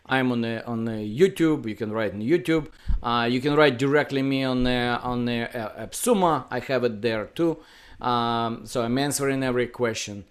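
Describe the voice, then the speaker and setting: Halting man explaining his software. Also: medium pitch. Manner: halting, many fillers and restarts, non-native phrasing. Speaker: software developer presenting his product. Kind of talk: casual product demo chat.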